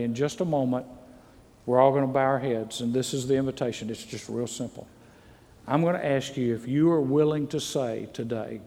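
A man's voice: mid-range voice, a little mellow. A middle-aged male pastor preaching a sermon, earnestly posing repeated questions to his congregation in a church. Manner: earnest, repetitive rhetorical questions. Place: church sanctuary. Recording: long hall reverb. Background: congregation calls amen.

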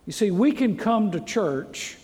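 A middle-aged male pastor preaches in a church sanctuary, his high, slightly rough, a little mellow voice rising and falling with lively intonation at a measured pace. He earnestly repeats rhetorical questions to the congregation, who call out amen, and a long hall reverb trails his words.

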